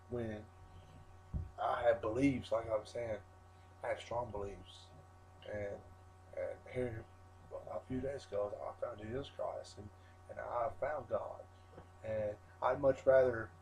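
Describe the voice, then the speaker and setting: A man's voice: mid-range voice, slight background noise, poor audio. Profane, rambling man ranting defiantly. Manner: rambling, heavy swearing, defiant. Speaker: wrestler. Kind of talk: profane interview rant.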